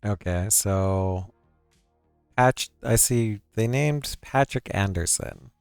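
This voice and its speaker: Gravelly low-voiced male interviewer. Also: slow pace, no echo, faint music behind. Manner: encouraging, prompting. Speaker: interview host. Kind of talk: casual interview.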